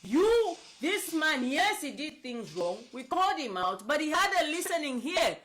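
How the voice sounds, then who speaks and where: A woman from Zambia speaks in emotional political commentary, her voice swinging widely in pitch. She sounds upset and close to tears, and she presses her points by repeating them. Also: very animated, normal speed, fairly bright tone, slight background noise, poor audio. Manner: emotional, insistent, repeats herself. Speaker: political advocate.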